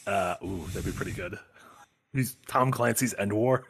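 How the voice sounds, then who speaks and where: A man co-hosting a podcast in casual chat, rambling and trailing off quietly. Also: on the low side, moderate pace, breathy edge. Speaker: podcast co-host.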